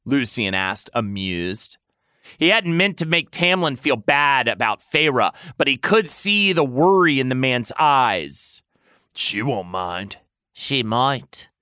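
A man's voice: medium pitch, sing-song, measured pace, pushed and bright, clean tone, no room sound, studio quality. A man hosting a comedy podcast, narrating a story in a melodramatic storybook manner. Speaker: podcast host.

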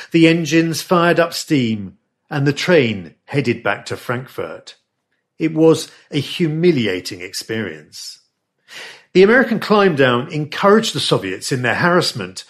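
A man narrating a history podcast in a scripted, storytelling way, stressing dramatic moments. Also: a little high. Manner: storytelling with lively dramatic emphasis.

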